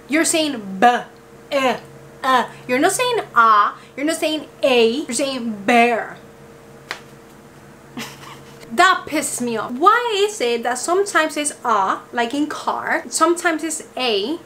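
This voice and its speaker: A high-pitched woman with a Spanish accent, a native Spanish speaker talking straight to her viewers. She rants in an emphatic, exasperated way, constantly checking that they follow her. A faint hiss sits under her voice. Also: fairly bright tone. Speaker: vlogger. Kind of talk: casual talking-to-camera rant.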